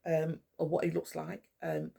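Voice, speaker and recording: A woman's voice: deep voice, level tone, a little slow, gravelly, warm tone, slightly rough. A woman, talking to the camera in a blunt, rambling monologue full of swearing. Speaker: vlogger. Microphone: camera mic.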